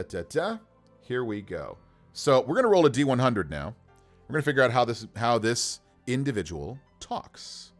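A man live-streaming as game master, talking through character creation in a rambling, animated way with many fillers. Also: medium pitch.

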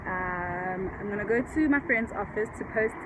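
A woman's voice: medium pitch, moderate pace. A woman from South Africa talking casually to camera in a vlog, chatty and upbeat, a little stuffy from a cold. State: nose blocked with flu. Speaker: vlogger. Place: outdoors on a sunny cold day. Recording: outdoor noise behind.

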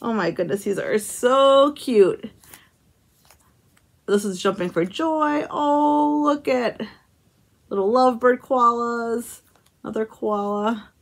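Unboxing handmade cards and stickers for her craft channel, a woman from the United States talks slowly and animatedly to camera in a fairly high voice, pausing often. She gushes, exclaims a lot and chuckles softly.

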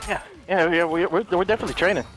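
A man playing a fighting game as a guest, joking and yelling playfully. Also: high voice, very fast. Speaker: guest gamer. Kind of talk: excited gaming banter.

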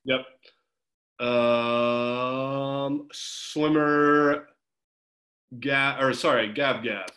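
Young male coach, middle pitch, teasing and upbeat, heard over a video call. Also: fairly even intonation, very slow, long pauses, sharp tone. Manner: encouraging, chatty, teasing. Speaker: swim coach. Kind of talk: casual group video call check-in.

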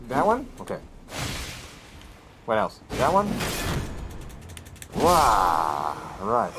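A young man giving casual let's-play commentary, excitable and talking to himself as he yells at the game. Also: on the low side, extremely slow, long pauses, noisy background. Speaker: gameplay commentator.

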